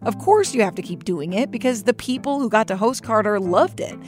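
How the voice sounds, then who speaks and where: Woman host, scripted narration, wry conversational tone, mid pitch. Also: lively intonation, fairly quick, soft background music.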